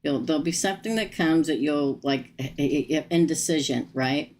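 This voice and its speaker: A woman reading tarot on a live stream, chatty and animated, laughing often. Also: low-pitched, normal speed, a little hiss or hum. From United States. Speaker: tarot reader.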